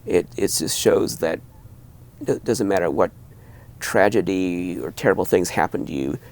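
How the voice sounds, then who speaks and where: A middle-aged man hosting a horror video, talking casually to camera in a rambling, animated way with lots of restarts. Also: low-pitched, normal speed, a little hiss or hum.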